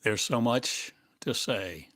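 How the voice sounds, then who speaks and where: A man speaks as a spiritual teacher in a channeled monologue, stretching each phrase out at a very slow, deliberate pace. He keeps asking rhetorical questions, and his voice sits mid-range. The recording is dry, with no room sound around him. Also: mid-range voice, animated, a bit bright, no room sound.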